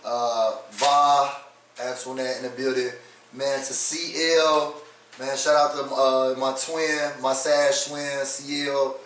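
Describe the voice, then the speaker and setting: A man co-hosting a podcast, giving laid-back, slangy shout-outs in casual chat. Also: medium pitch, little pitch movement, slow. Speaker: podcast co-host. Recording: echoey room, far from mic, faint noise.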